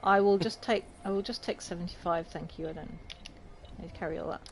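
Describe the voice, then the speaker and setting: A woman's voice: lowish voice, fairly even intonation, brisk, a little hiss or hum. A woman from Lincolnshire with an English accent, chatting casually and laughing often while streaming a game. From Lincolnshire, England. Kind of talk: casual gaming chat.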